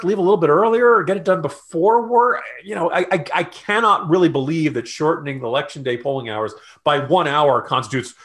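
A man co-hosting a political podcast, talking loosely and mockingly, jumping up in pitch to mimic the views he scoffs at. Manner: sarcastic, mocking quotes in a raised voice; loose and conversational with restarts. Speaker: podcast co-host.

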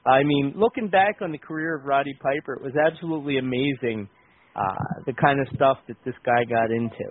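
A man's voice: mid-range voice, brisk. A man hosting a radio show, bantering playfully with a caller. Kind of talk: casual radio chat. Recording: tinny phone-like radio sound.

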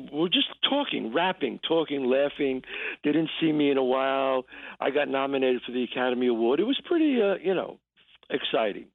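Gravelly-voiced man over a tinny phone line. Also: medium pitch, no room sound. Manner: halting storytelling full of restarts and acted-out quotes. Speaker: actor and guest. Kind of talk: telling a story in a radio interview.

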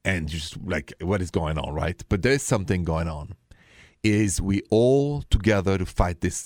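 A man with a thick French accent hosts a radio talk show, speaking in a low, upbeat voice. He sounds reassuring and laughs easily with callers. His voice is dry and close to the mic. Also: a little mellow, no echo.

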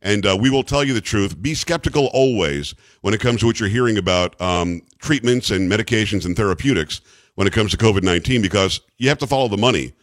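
A man's voice: lowish voice, lively intonation, quick pace, no echo. A man hosting a talk radio show, speaking bluntly and emphatically with a joking edge, in a radio studio.

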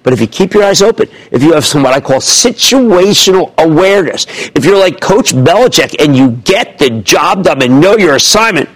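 Man, 60s, TV stock host, husky, high, very animated, loud and theatrical. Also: normal speed, hardly any pauses, poor audio. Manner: loud, theatrical, jumps between shouts and mutters. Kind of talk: excitable TV stock commentary.

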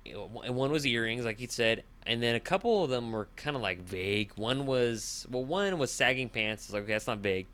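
Bright-voiced man ranting about sports. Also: lively intonation, fairly quick, few pauses. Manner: opinionated, exasperated rants, rising pitch when heated. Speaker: sports talk host. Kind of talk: casual sports chat.

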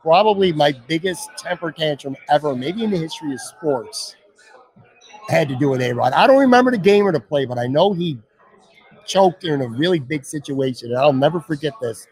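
Podcast host guy, a bit high pitched, chatty and jokey, swears here and there. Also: brisk. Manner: joking, animated, swears freely. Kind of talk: casual chat. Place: pizza restaurant, indoors.

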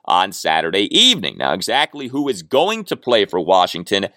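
A man hosting a solo sports podcast, talking through his points in a lively, self-joking way. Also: sits low, moderate pace, no room sound, clean studio sound. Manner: animated, talks to himself jokingly.

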